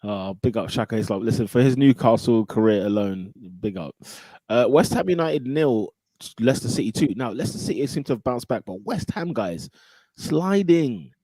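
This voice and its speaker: A man's voice: medium pitch, expressive, normal speed, dark tone, no echo. A man hosting a casual football podcast, laughing often as he runs through the scores. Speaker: podcast host.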